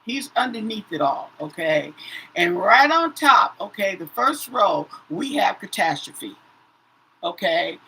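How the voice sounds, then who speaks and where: A woman's voice: medium pitch, sing-song, slow, bright, forceful tone, slightly rough, low-quality recording. Chatty woman reading tarot cards. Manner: says "okay?" after nearly every phrase, repeats herself. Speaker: tarot reader. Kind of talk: casual tarot reading to viewers.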